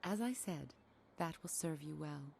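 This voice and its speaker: An actress voicing a calm, wise female martial arts mistress in video game dialogue, speaking in a serene, measured, instructive way. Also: low-pitched, creaky, slight background noise, full character voice.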